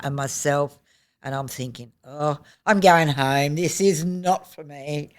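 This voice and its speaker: An older woman, a resident of an aged care home, frankly telling a personal story in casual chat. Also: low voice.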